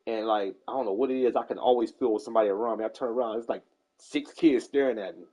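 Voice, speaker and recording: Husky, warm-toned man in his 40s, casual chat host, lively profane storyteller. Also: mid-range voice, fast talker, low-quality recording. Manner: animated storyteller, profane, acts out quoted people.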